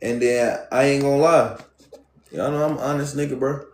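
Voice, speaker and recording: A young male streamer telling a storytime to his live chat. He talks in loose, profane street slang at a mid pitch and addresses viewers directly, and the sound has a noticeable room echo. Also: steady tone, moderate pace, a little mellow, a little hiss or hum. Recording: roomy echo.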